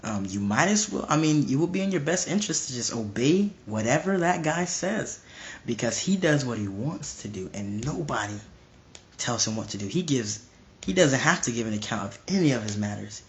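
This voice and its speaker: A man's voice: mid-range voice, big pitch swings, normal speed. A young man preaching informally to a live stream, emphatic and repetitive, often restarting his phrases.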